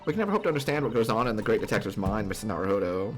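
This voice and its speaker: A man voicing a polite, composed young female assistant who speaks with gentle, teasing courtesy. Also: lowish voice, sing-song, racing, faint music behind, pitched below the performer's own voice.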